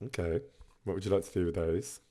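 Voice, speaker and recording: A man's voice: deep voice, fairly even intonation, fairly quick, warm tone. A man chatting casually on a live stream, reading out viewer messages and laughing often.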